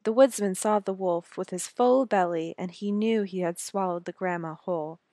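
Woman, storybook narrator, gentle, measured, mid pitch, dry close sound. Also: no room sound.

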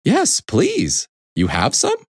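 A man reading a storybook, voicing a fussy, hardworking mother hen in a high, emphatic voice. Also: huge pitch swings, slow pace, breathy edge, dry recording, clean studio sound, heavily acted. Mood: dismayed.

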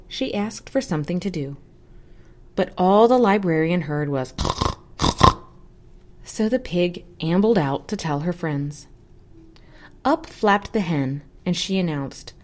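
A young woman reads a children's picture book aloud at an unhurried pace. Her fairly low voice rises and falls a great deal as she brings the animals to life. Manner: slow, expressive and animated. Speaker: storybook reader. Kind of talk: children's story read-aloud.

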